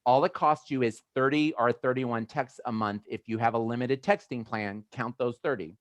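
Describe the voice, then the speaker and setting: A man from the United States hosting a video call, talking casually in a rambling way with animated asides. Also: medium pitch, normal speed, no echo. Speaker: host of a motivational video call. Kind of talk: casual chatty talk.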